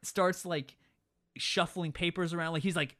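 A man talking in a casual chat, laughing often and acting out characters in quick funny voices. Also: a little high, fairly even intonation, sharp tone.

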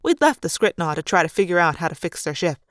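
A woman's voice: fairly low pitch, sing-song, fast, dry recording, clean studio sound. A woman reading a novel aloud, with a small change of voice for each character's lines. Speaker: audiobook reader. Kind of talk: fan read-aloud of a novel.

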